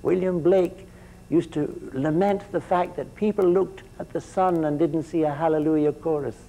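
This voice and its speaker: A man's voice: on the high side, steady tone, moderate pace, warm tone, low-quality recording. A man giving a university lecture, often repeating his words as he restarts sentences and putting questions to the students.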